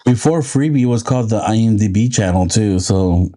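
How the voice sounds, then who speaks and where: Mellow-voiced man, rambling podcast co-host. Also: lowish voice, moderate pace. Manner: rambling, loose, swears casually. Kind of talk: casual chat.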